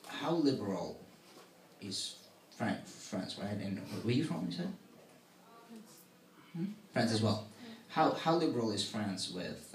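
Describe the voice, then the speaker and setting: Male comedian, quiet crowd work, echoey workout room, distant mic. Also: fairly low pitch, slight background noise. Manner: soft-spoken, quizzes the audience. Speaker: stand-up comedian.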